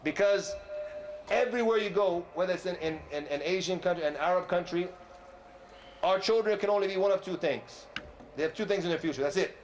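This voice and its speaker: A man giving a lively lecture sermon as a visiting sheikh, talking loudly into a close microphone, firing questions at the crowd and teasing them. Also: sits high, brisk, slight background noise. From USA. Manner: animated, asks the crowd questions and teases them; loud voice, by his own account. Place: large multi-floor community centre hall.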